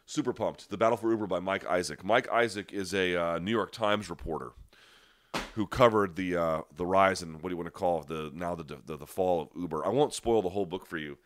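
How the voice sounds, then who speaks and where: Low-voiced man hosting a casual live chat. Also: brisk, dry recording. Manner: conversational, frequent restarts and fillers, emphatic asides. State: stuffy nose. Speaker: livestream host. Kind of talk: casual live chat answering viewer questions.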